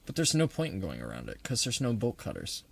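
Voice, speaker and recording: A man's voice: on the low side, huge pitch swings, fairly quick, creaky, husky. A man giving casual, joking let's-play commentary, swearing freely and reading in-game text aloud. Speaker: gaming video creator.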